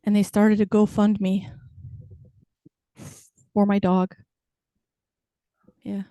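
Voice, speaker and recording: A woman's voice: mid-range voice, level tone, drawn-out words, mellow, no echo. A woman in her fifties performing a stand-up comedy set with wry, self-deprecating punchlines. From United States. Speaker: stand-up comic.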